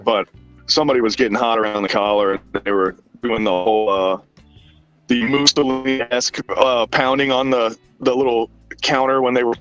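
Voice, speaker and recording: A man's voice: medium pitch, fairly even intonation, moderate pace, a bit bright, clean tone, soft background music. A man in casual chat on an online call, telling a story and acting out the other people in it. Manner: storytelling, quotes people in dialogue. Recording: muffled lo-fi call audio.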